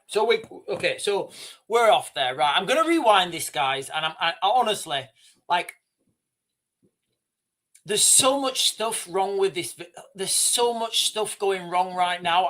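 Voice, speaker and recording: Impassioned man, high voice. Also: bright, forceful tone. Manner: impassioned, halting, with restarts and swearing. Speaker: livestream host. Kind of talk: emotional live commentary.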